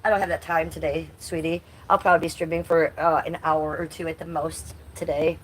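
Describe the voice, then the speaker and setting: A woman in her fifties runs a casual livestream where she reads chat aloud, swears at rude chatters, and speaks to her cat in sing-song baby talk. Her low voice stays flat in pitch and moves a little fast. A slight hiss or hum runs under it.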